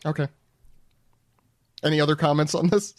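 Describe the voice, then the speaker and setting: A man's voice: fairly high pitch, normal speed, dry recording. A man hosting a podcast, asking questions and guiding the casual chat. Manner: inquisitive, guiding. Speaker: podcast host steering talk.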